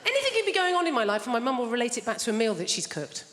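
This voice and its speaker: A woman's voice: a little high, very animated, rapid-fire, a faint crowd. A woman from England doing a stand-up comedy set on a theatre stage, wry, self-mocking and conversational. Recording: live theatre hall with loud audience noise.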